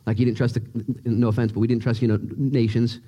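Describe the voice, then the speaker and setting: A male pastor preaching a sermon in a church, joking and excitable as he tells stories. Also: mid-range voice, quick pace. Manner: animated, joking, excitable storyteller. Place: church sanctuary.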